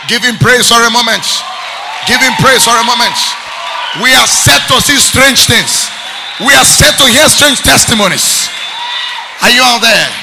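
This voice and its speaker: A male pastor from Nigeria, preaching a sermon with shouted, sing-song call-and-response. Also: very high-pitched, moderate pace, gravelly, in a large hall, over a noisy crowd, very noisy.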